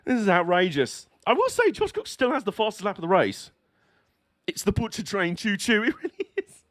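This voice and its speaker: A man streaming a live watch-along of a motor race, excitable and sweary, laughing often as he reacts. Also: sits high, moderate pace, no room sound, clean studio sound.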